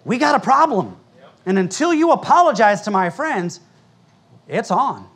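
High-voiced blunt American preacher. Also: male voice, big pitch swings, unhurried, fairly bright tone, husky. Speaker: pastor. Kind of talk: sermon. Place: church sanctuary before a congregation.

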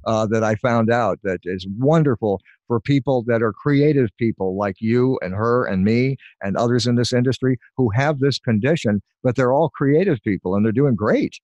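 A man's voice: mid-range voice, normal speed, few pauses, a little mellow, no echo, lo-fi sound. A middle-aged man, a voiceover artist, chatting casually and rambling through stories. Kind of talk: casual chat on a live stream.

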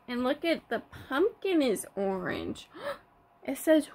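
A young woman reads a picture book to toddlers in a high, very lively sing-song voice. She speaks slowly and gasps in surprise between pages. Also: slight background noise. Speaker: toddler room teacher.

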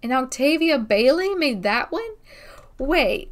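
A young woman hosting a gaming video, chatting excitedly through her gameplay with frequent exclamations. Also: a little high, moderate pace. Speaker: gaming channel host. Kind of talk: casual game commentary.

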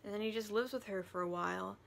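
A woman talking through her monthly reading in a chatty, animated book review vlog, now and then dropping to a whisper. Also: medium pitch, fast talker, creaky, slight background noise.

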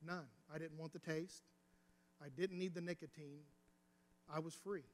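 A man's voice: a little high, fairly even intonation, a little slow. A man preaching a sermon as pastor, telling a personal story with rising and falling intensity. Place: church sanctuary. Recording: reverberant church hall.

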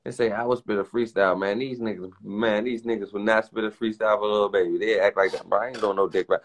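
He's a young live-stream host with a lowish voice and fairly even intonation. His rant is casual, emphatic and full of swearing, and he mimics others by acting out their lines in quick put-on voices.

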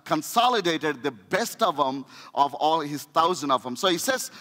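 A man preaches a sermon in a high, bright, ringing voice. He tells the story in an animated way, often restarting his phrases. The sound carries a long echo from a church hall. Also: normal speed, few pauses. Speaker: pastor. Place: church sanctuary.

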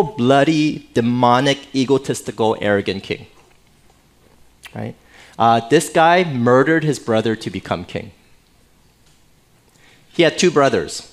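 A man preaching from the pulpit as pastor, his voice sitting at an ordinary middle pitch. He talks to the congregation in a loose, conversational way, tossing in jokes and frequent "right?" asides. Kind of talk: sermon. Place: church sanctuary.

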